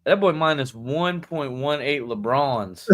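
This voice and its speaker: Man, casual sports co-host, loose and joking, blunt slang, lively pitch, dry sound. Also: unhurried, dry recording. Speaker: podcast co-host. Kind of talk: casual chat.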